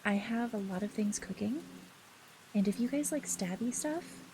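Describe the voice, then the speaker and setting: A giggly, teasing woman talks casually with her livestream chat, playing up flirty, mock-possessive banter. Her voice sits in a middling range with a gravelly fry running through it. A steady hiss of background noise sits under the recording. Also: medium pitch, moderate pace. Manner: giggly and teasing, laughs often.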